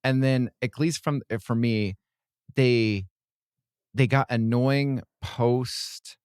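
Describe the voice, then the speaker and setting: A man's voice: medium pitch, slow pace, darkish tone, clear, resonant tone, dry recording, clean studio sound. A man co-hosting a casual podcast, telling stories with chuckling asides. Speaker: podcast co-host. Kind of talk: casual chat.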